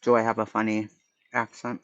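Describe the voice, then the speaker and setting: A man's voice: on the low side, completely flat delivery, brisk, a bit bright, dry recording, highs cut off. A man with a Boston accent hosting a casual livestream chat, blunt and profane, answering his chat. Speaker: livestream host.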